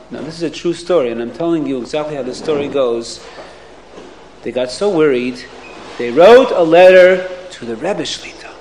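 A man telling a moral story to children in an animated, sing-song way, full of questions to his listeners. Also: fairly high pitch, roomy sound, a little hiss or hum.

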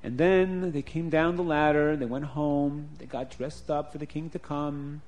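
A man telling a folk story to children, animated and repetitive, with sound effects. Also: fairly high pitch, measured pace.

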